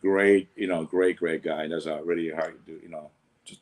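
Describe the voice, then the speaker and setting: Man, Italian accent, lowish voice, rambling casual talk, filler-heavy. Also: steady tone, moderate pace, a little mellow. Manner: rambling, laughs often, many fillers. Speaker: martial arts instructor. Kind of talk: casual interview chat.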